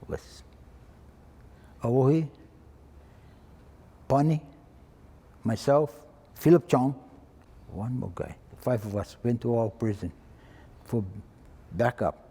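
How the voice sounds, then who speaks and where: A retired fire chief in his eighties, speaking English with a Hawaiian Pidgin tinge, plainly recounts an old story for an oral history, acting out the voices of the people in it. His mid-range voice is warm with a breathy edge, and the sound is roomy.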